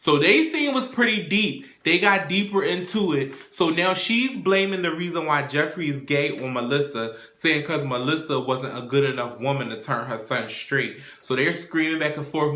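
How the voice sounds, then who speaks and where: A man with a bright, forceful voice talks through a TV episode in a loose, casual way, swearing freely and slipping into the characters' lines as he retells each scene. The sound bounces around an echoey room. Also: a little high, moderate pace, few pauses. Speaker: TV recap show host.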